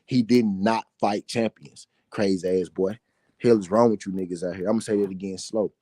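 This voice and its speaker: A man's voice: lowish voice, steady tone, moderate pace, mellow, no room sound. A man with a Southern US accent hosting a solo boxing talk show, ranting bluntly and profanely, repeating his points for emphasis. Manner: blunt, repetitive, heated and profane.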